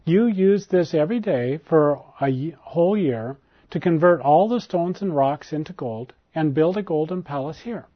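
A proud, demanding prince from a storybook tale, as a man reads his lines. His voice sits a little high and earnest. The recording sounds dull and lo-fi. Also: expressive, moderate pace. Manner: earnest, then urgent and commanding.

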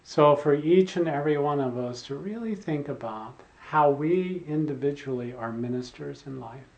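A man's voice: fairly high pitch, moderate pace, vocal fry, a little mellow, lo-fi sound. An older man, a spiritual teacher, giving an earnest sermon and repeating key phrases for emphasis.

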